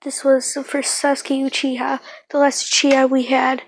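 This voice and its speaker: A woman improvising a fan-fiction story aloud, halting and rambling, with lots of fillers and self-corrections. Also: high-pitched, monotone, a little hiss or hum, poor audio.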